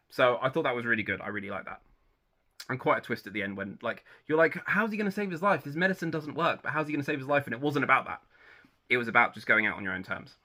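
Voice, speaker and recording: A man talks through his favourite stories in an unscripted, rambling way, often pausing on "um" and restarting his sentences. His voice is strikingly bright and forceful, and it sits at an ordinary middle pitch. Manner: chatty and rambling, with frequent ums and restarts. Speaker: book reviewer. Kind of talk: casual spoken book review.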